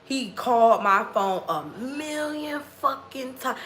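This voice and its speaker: Animated, bright-voiced woman telling a story. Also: sits high, measured pace, hardly any pauses. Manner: blunt, profane, animated retelling with quoted dialogue. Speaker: tarot reader telling a dating story. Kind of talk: casual storytime vlog.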